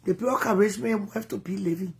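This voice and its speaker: A woman with a Liberian accent giving animated, rambling commentary in a casual vlog. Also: mid-range voice, quick pace, creaky. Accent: Liberian English. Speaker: vlogger.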